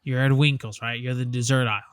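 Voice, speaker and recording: A man's voice: medium pitch, little pitch movement, fast talker, smooth, no room sound. A man co-hosting a podcast, chatting casually in a rambling, hesitant way, spinning out what-if scenarios. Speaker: podcast co-host. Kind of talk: casual chat.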